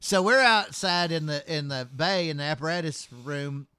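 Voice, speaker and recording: Brash man, firefighter type, profane storyteller, bright and a bit high. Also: normal speed, smooth, no room sound. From Texas. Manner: crude, blunt storyteller, swears constantly. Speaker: firefighter co-host. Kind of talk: profane casual chat.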